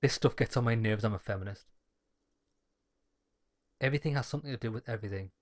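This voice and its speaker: A man's voice: fairly low pitch, fast. A man playing a dialogue-heavy game, reading the lines aloud and adding wry jokes. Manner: wry, joking asides between read lines. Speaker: gaming YouTuber.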